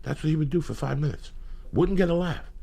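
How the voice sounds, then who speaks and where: A man hosting a podcast, telling profane comedic stories in rambling anecdotes with loud bursts of emphasis. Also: fairly high pitch, expressive, fairly quick, vocal fry. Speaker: podcast host.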